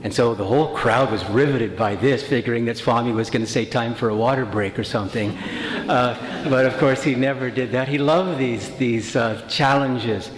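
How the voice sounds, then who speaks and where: A man's voice: mid-range voice, moderate pace. A man giving a spiritual talk to a retreat group, telling stories in a conversational way, with frequent fillers and restarts. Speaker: retreat teacher. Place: retreat hall. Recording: roomy hall reverb.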